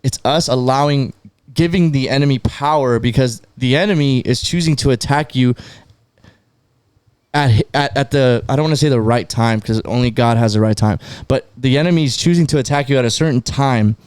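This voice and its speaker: A man's voice: mid-range voice, normal speed, a little mellow, smooth, no room sound. A man co-hosting a podcast, talking casually about faith and quoting scripture, often restarting his sentences. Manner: restarts often, quotes Bible verses. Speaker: podcast co-host.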